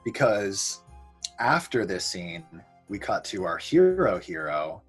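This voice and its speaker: A man with a slightly husky voice chats loosely about a film, rambling and dropping profanity as he goes. His pitch sits in the usual male middle. Faint music runs in the background. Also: big pitch swings, slow. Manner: rambling, profane, acts out quotes. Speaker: podcast host. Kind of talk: casual movie review chat.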